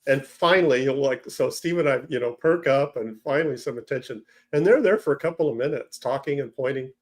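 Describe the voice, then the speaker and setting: A man's voice: mid-range voice, brisk. A man co-hosting a comics podcast, telling a dry, joking story in casual chat. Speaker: comic artist podcast co-host.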